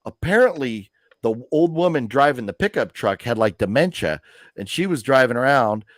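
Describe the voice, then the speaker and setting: A man's voice: medium pitch, expressive, normal speed, no room sound, clean studio sound. A man hosting a live movie news stream, telling stories in a rambling, chatty way with lots of fillers. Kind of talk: casual chat.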